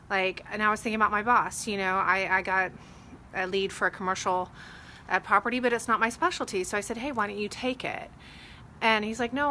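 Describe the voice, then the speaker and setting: Uma mulher fala de forma descontraída para a câmera sobre liderança e fé, contando histórias com falas encenadas de um jeito animado. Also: female voice, medium pitch, slight background noise. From Texas. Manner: chatty, animated retelling with acted quotes. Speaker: real estate agent vlogger. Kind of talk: casual faith talk to camera.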